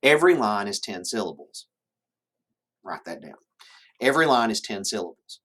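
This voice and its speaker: Male teacher, lowish voice, lecturing in a classroom, explanatory and checking in often. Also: sing-song, moderate pace, long pauses, a bit bright, breathy edge. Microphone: camera in classroom.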